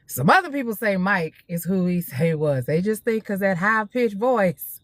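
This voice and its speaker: A woman, talking in a casual opinion monologue, animated, laughing often and repeating herself for emphasis. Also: mid-range voice, measured pace, dry recording. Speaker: social media host.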